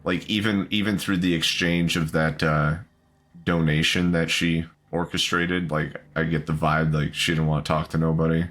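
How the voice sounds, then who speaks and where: A man's voice: extremely low pitch, level tone, normal speed, a bit bright. A man playing his character in a tabletop game, talking hesitantly with many ums and restarts. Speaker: player.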